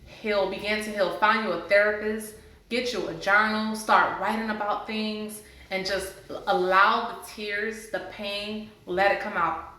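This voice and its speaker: A woman's voice: mid-range voice, bright, forceful tone. A woman sitting before a camera, earnestly telling her personal healing story and encouraging viewers. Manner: earnest, heartfelt, faith-based encouragement. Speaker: vlogger sharing a personal story. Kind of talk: casual testimony to camera. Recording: very echoey room.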